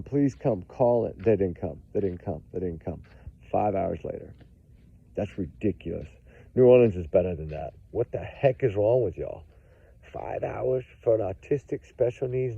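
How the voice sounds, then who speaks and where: Male commentator, low gravelly voice, emphatic and repetitive, phone-quality audio. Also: no room sound. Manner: emphatic, repetitive, addresses viewers as y'all. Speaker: true crime commentator. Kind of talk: casual commentary to viewers.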